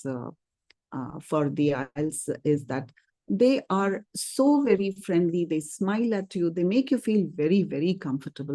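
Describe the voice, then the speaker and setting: Woman, warm tone, conversational exam teacher, dry. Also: lowish voice, no echo. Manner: conversational, lively intonation with frequent fillers and "okay". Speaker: IELTS speaking teacher. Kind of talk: webinar lesson.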